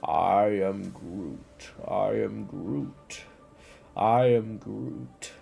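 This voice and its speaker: A man voicing a gentle giant male tree creature, speaking very slowly and softly. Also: fairly low pitch, gravelly, husky, exaggerated voice.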